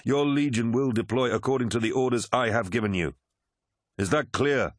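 A man voicing a towering male warlord commander in an audiobook, speaking in a cold, measured, commanding way. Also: mid-range voice, dry recording, studio quality, voice pushed up, natural voice. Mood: stern rebuke. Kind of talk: audiobook character voice.

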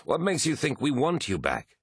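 A man's voice: medium pitch, wildly swooping pitch, moderate pace, breathy edge, no room sound, clean studio sound, voice pushed up. A man voicing a proud, scornful male warrior commander who sneers and scoffs, in an audiobook reading.

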